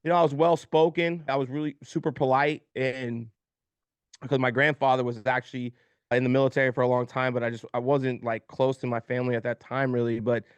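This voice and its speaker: A man's voice: mid-range voice, level tone, brisk, clean tone, dry recording. A man in his thirties, a podcast guest, telling his life story openly and with emotion, often repeating words as he talks and swearing casually.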